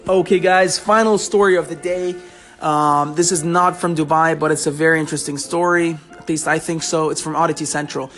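A man's voice: on the high side, a bit bright. A man hosting a casual talk show, chatting animatedly and often addressing his listeners as guys. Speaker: host.

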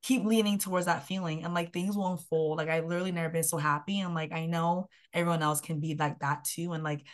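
A young woman shares her own story in a podcast interview, her pitch sitting a touch low. She talks in an animated way, leaning on "like" and acting out what she said back then. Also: quick pace, hardly any pauses. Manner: animated storyteller, filler-heavy with frequent "like". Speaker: guest, health and mindset coach.

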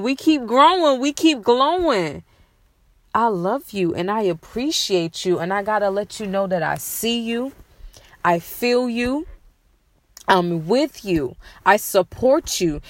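A woman with a voice on the high side and a fairly bright tone offers slow, repeated, comforting affirmations on her own podcast, recorded outdoors at night. She speaks from the heart and is at times near tears; the recording is dry.

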